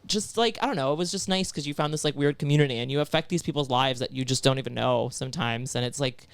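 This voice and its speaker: A man's voice: mid-range voice, fast talker, gravelly, smooth, no echo. A man guesting on a podcast as a comedian, talking casually and emphatically.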